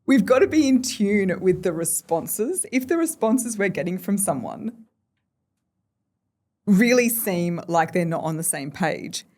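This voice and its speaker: A woman's voice: mid-range voice, a little slow. An Australian woman in a casual podcast interview, speaking as a voice coach and telling stories with playful shifts in her voice. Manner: animated storyteller, playful vocal shifts. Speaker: voice coach guest.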